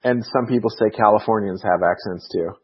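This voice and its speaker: A man's voice: fairly low pitch, brisk, slightly rough. A man in a casual chat, curious and full of questions. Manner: curious, asking many questions. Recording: dull lo-fi sound.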